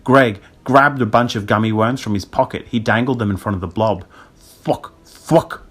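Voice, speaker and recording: A man narrates a spooky children's tale in a lively storytelling manner. His voice sits fairly low, with a bright, forceful tone. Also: brisk, slightly rough. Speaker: audiobook reader. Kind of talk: scripted narration.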